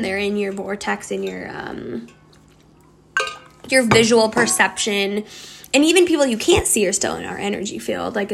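Young woman host, relaxed reflective talk, lots of fry, meandering delivery. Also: mid-range voice. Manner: rambling, heavy use of "like" fillers. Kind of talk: casual reflective monologue.

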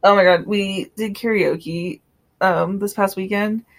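A woman co-hosting a podcast, recapping an episode in casual chat, animated and laughing often. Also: mid-range voice, a little slow. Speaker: podcast co-host.

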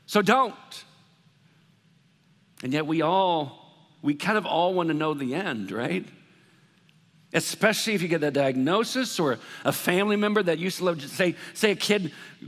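A man preaching a sermon as pastor, talking in a conversational, animated way and acting out worried voices. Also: high voice. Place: church hall. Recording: long reverb of a large hall.

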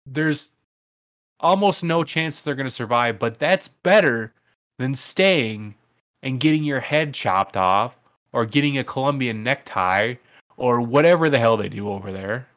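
A man's voice: medium pitch, animated, measured pace, fairly bright tone. A man co-hosting a casual political podcast, talking bluntly, getting heated and swearing. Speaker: podcast co-host.

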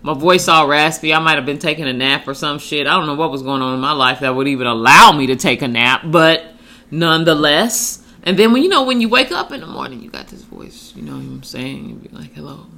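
A woman's voice: low-pitched, big pitch swings, fairly quick, bright, forceful tone. A woman co-hosting a podcast, chatting casually in a laid-back, slangy way and laughing often. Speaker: podcast co-host. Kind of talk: casual chat.

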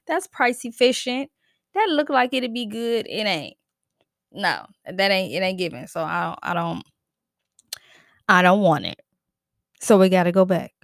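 A woman's voice: mid-range voice, gravelly, no room sound, studio quality. A woman hosting a casual solo podcast, talking in a chatty, slangy way, laughing often and swearing freely. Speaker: podcast host.

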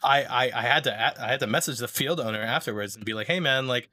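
A man's voice: medium pitch, quick pace, sharp tone, dry recording. A man telling a story in casual chat, rambling with lots of fillers and restarts.

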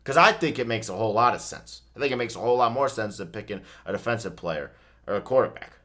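A man talking casually about football as he watches a game, ranting and swearing and swinging between excitement and flat disappointment. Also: on the low side, fast. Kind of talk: casual sports chat.

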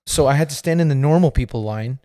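He's a fast talker: a podcast host in his thirties with a mellow, mid-range voice, telling a wandering story stuffed with fillers and punctuated by laughs. The audio is clean studio sound without any room sound.

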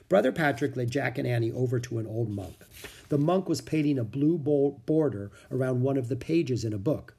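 A man narrating a children's book in an expressive storytelling manner. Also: mid-range voice, fairly quick, creaky, breathy edge.

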